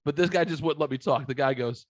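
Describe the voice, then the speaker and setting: A man's voice: a little high, quick pace, no room sound. A man in his twenties hosting a podcast, telling a profane story in casual chat and acting out the voices of people in it. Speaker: podcast host.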